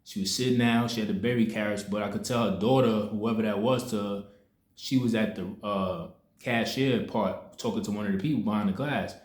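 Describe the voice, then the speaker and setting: A man's voice: on the low side, a little fast. A young man telling a personal story in loose street slang, rambling with restarts as he shares a spiritual lesson. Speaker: spiritual content creator. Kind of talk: casual spoken storytelling. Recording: echoey room.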